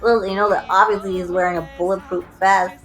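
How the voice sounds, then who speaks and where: A woman's voice: mid-range voice, little pitch movement, fast talker, fairly bright tone, soft background music. A young woman co-hosting a podcast, chiming in with plot points and jokey asides while recapping a film. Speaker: podcast co-host. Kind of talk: casual movie recap chat.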